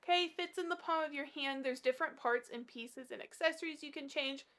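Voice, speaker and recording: Bubbly bright-voiced woman vlogger. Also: sits high, fairly quick. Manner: bubbly, gushing, filler-heavy. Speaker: collector vlogger. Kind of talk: casual chat to camera.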